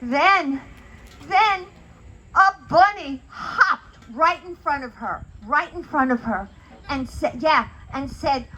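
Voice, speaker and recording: A woman's voice: high voice, slow pace, sharp tone, low-quality recording. A woman telling a children's story, asking her young listeners questions as she goes.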